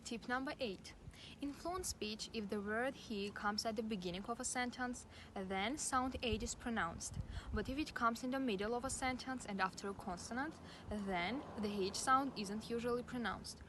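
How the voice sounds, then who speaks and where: A young woman student from Armenia reads a pronunciation tip in a steady way. Her voice is fairly high, with plain background noise. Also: normal speed. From Artsakh, Armenia. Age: young adult. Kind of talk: reading a phonetics tip.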